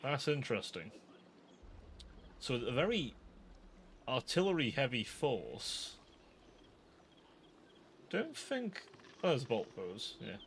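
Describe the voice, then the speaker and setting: A man's voice: mid-range voice, very animated, slow pace, pauses often, a bit bright, slight background noise. A British man live-streaming a strategy game, chatting and thinking aloud, often cutting himself off mid-thought. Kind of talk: live gameplay commentary.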